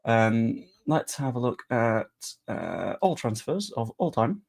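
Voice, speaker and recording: A man's voice: medium pitch, very animated, slow, creaky, a little mellow. A man talking casually about football transfers, chatty and sarcastic. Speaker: football fan vlogger. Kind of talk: casual live-stream chat.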